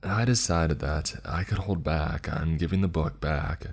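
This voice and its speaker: Faint music plays beneath a man reading a first-person horror tale aloud in a husky, extremely deep voice. His delivery is unhurried and measured, giving each line its time.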